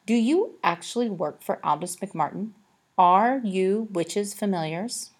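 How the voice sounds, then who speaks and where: A woman voicing an anxious but determined young girl who speaks insistently, trying to keep her voice steady. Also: medium pitch, a little slow, slightly rough, voice pushed up.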